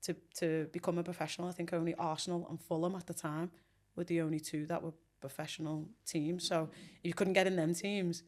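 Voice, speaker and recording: Scouse lady in her 40s, kinda low voice, rambles a lot with ums. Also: level tone, fairly quick, hardly any pauses, darkish tone. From Liverpool, England. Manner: chatty, rambling, with many ums and restarts. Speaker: guest. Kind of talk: casual interview chat.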